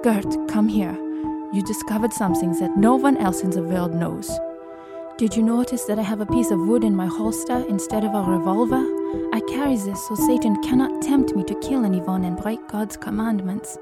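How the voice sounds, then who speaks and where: A woman voicing a stern but gentle soldier father speaking low and gravely, over music. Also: normal speed, natural voice.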